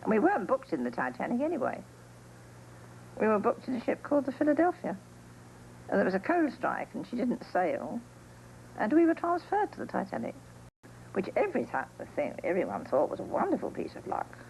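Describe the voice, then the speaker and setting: A woman's voice: fairly high pitch, huge pitch swings, a little fast, vocal fry, a little mellow, slight background noise, rough recording. An older woman recalling a childhood memory in an interview, telling it reflectively. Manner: reflective storytelling, acting out quoted voices. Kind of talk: interview recollection.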